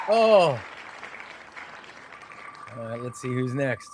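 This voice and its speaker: A man's voice: fairly high pitch, very animated, a little slow, a faint crowd, slight background noise. A man hosting a casual comic book livestream, chatting with viewers and calling out names as they are eliminated from a giveaway wheel. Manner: chatty, exclaims at each elimination.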